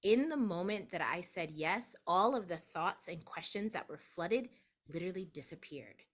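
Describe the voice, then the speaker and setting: A woman guest, a doula, telling a personal story in a chatty, animated interview manner. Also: normal speed. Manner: animated, acts out quoted voices with big pitch jumps.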